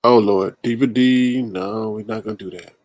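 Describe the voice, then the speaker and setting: A man hosting a livestream, commenting casually and answering chat comments with emphatic, animated talk. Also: lowish voice, moderate pace, no room sound. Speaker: livestream host.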